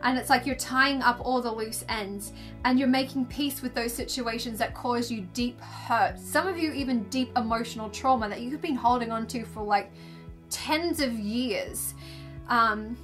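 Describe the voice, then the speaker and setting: A woman's voice: a little high, a little slow, a bit bright, faint music behind. A woman doing a casual, gushing livestream card reading, chatty and full of fillers. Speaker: tarot and angel card reader. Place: indoors under filming lights.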